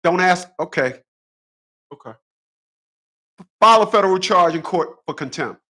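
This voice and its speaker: Man, fairly high voice, blunt, profane, repeating himself, fighter talk. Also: expressive, normal speed, sharp tone. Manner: boxing talk, combative. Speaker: channel host. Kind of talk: casual monologue.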